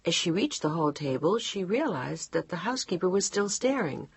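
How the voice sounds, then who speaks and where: Woman reading an audiobook, lowish husky voice, dry close sound. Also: sing-song, moderate pace, hardly any pauses, no echo. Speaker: audiobook narrator. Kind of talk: scripted narration.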